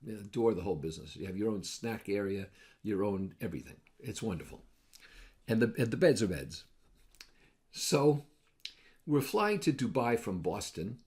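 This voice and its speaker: A man hosts a short entry in his daily advice video series, telling casual anecdotes with wry, joking asides. His voice is fairly low, a little mellow and animated, at a normal speed with long pauses.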